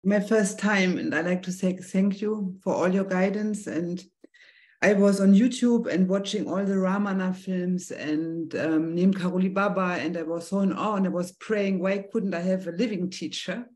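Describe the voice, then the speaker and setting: A woman's voice: lowish voice, fairly even intonation, normal speed, a little mellow. A middle-aged woman with a German accent, a native German speaker, hesitantly and nervously asking a teacher a personal question over a video call. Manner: hesitant, nervous, searching for words.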